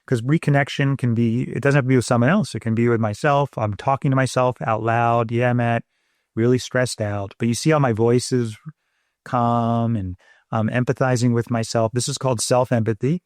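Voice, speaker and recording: A middle-aged man co-hosting a parenting talk show, explaining calming steps in a calm, explanatory way. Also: mid-range voice, brisk, no room sound, clean studio sound. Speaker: podcast co-host. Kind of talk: casual parenting conversation.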